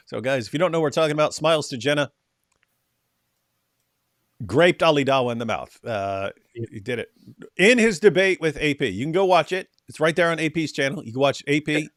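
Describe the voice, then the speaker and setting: A man hosting a casual livestream chat, sarcastic and mocking, often trailing off quietly at the ends of lines. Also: mid-range voice, lively intonation, brisk, no room sound, clean studio sound. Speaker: host.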